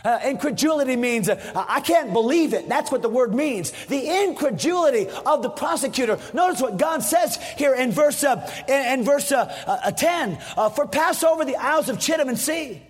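A man preaching a fiery sermon as pastor, repeating his points, swinging from shouts down to hushed tones. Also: extremely high pitch, animated, moderate pace, few pauses. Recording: long hall reverb.

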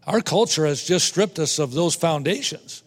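A man preaching a sermon to fellow preachers, emphatic, repeating words and slowing down to stress points. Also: on the high side, animated, long reverb tail. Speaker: preacher teaching other preachers.

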